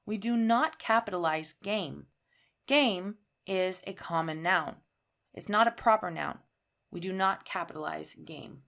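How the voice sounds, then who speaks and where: A woman from Canada teaching an English grammar lesson, speaking slowly and clearly and stressing key words. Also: fairly low pitch, a bit bright.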